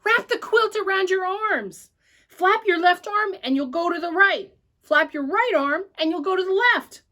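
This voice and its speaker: A woman voicing an excited young boy who shouts high and urgently in a read-aloud storybook. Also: normal speed.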